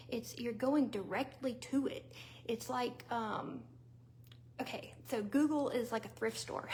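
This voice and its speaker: A chatty woman with a Southern US accent, her voice sitting a little high. She talks straight to her viewers in a loose, conversational way, full of fillers and small laughs, over a faint hum in the background. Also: a little mellow. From Southern United States. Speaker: vlogger and small business owner. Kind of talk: casual talk to camera.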